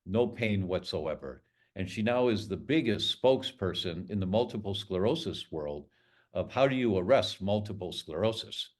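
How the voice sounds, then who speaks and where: A man's voice: sits low, expressive, normal speed. A middle-aged man, a doctor guest on a podcast, talking in an emphatic, storytelling way. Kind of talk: podcast interview.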